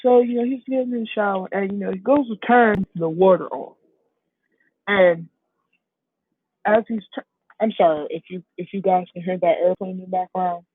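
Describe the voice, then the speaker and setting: A woman's voice: mid-range voice, normal speed, long pauses, slightly rough, no room sound. Rambling young woman on a tinny line. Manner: rambling, full of fillers. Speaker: storyteller. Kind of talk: casual fan story retelling. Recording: tinny phone-like, dry.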